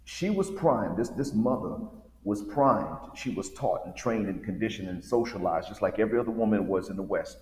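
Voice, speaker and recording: A man joining a casual discussion, speaking in a measured, reflective way with some fillers. His voice sits very low. The recording rings with a long reverb from a hard room. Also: animated, darkish tone.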